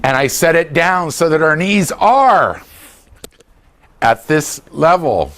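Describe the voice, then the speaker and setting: A man's voice: a little high, slow, background noise. An older man giving a humorous talk on dementia care to a class, joking and acting out voices of family members. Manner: animated, jokey, acts out voices.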